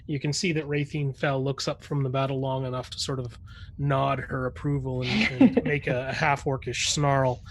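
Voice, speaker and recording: Man narrating a tabletop game, halting. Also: medium pitch, level tone, slight background noise. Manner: halting, with many fillers and restarts. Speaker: game master.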